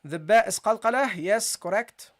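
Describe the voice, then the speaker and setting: A man's voice: high-pitched, fairly bright tone. Emphatic man teaching recitation live. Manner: emphatic, repeats words, keeps addressing "guys"; breaks into slow demonstration recitation. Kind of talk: live online tajweed lesson.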